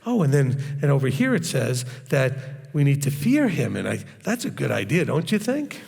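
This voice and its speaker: A man putting on the voice of a soft-spoken, gentle male preacher with a sugary, singsong manner. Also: mid-range voice, wildly swooping pitch, moderate pace, gravelly, slightly rough, pitched below the performer's own voice, heavily acted. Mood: mocking gentle. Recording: long reverb, echoey hall.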